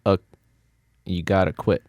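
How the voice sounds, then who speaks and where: A man's voice: low voice, flat delivery, a little slow, a little mellow, dry recording, studio quality. A man co-hosting a podcast, bantering casually and teasing his partner wryly. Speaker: podcast co-host. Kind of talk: casual chat.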